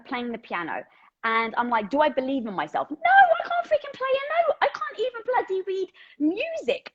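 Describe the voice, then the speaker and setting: Husky woman talking on a headset. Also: sits high, highs cut off. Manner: chatty, swearing lightly, thinking out loud. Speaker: motivational speaker hosting a live stream. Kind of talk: casual motivational talk.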